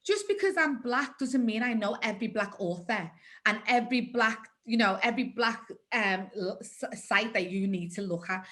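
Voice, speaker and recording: A woman's voice: a little high, expressive, normal speed, hardly any pauses, pushed and bright. Scouse woman in her forties. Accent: Liverpool. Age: 40s. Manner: emphatic, repeats phrases for stress. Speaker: guest. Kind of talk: conversational interview.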